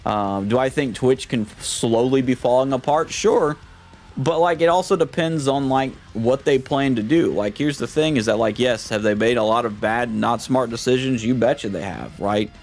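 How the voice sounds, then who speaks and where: A man's voice: medium pitch, moderate pace, soft background music. A man streamer in casual live-stream chat, rambling and often repeating and restarting his words.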